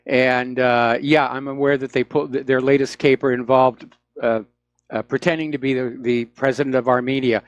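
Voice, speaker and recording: A man hosting a radio talk show, speaking in a direct, steady way with occasional halting fillers. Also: medium pitch, dry recording, lo-fi sound.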